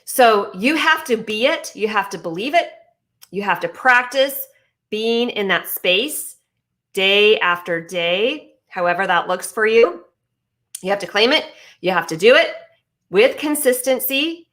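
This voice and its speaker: For a short moment this woman talks with ice in her mouth. She's a business coach giving an emphatic pep talk riddled with fillers, restarts and repetition, in a mid-range, fairly bright voice with lively intonation and a slightly slow pace.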